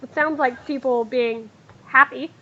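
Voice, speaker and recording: A woman narrating a tabletop game as game master, talking in a halting way full of fillers. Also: high-pitched, steady tone, sharp tone, muffled recording.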